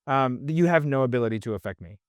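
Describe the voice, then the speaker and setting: A man's voice: mid-range voice, animated, fast, no echo, studio quality. A man as a podcast guest, talking in a rambling, blunt way full of swearing and filler words. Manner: rambling, blunt and profane, heavy use of "like". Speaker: sales trainer guest. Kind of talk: casual podcast conversation.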